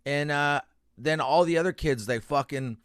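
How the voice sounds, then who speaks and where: Swearing, emotional Canadian comedian. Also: male voice, on the high side, fairly bright tone, clean tone, no room sound, studio quality. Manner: emotional, swears freely, halting restarts. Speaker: comedian guest. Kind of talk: candid interview storytelling. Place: radio studio.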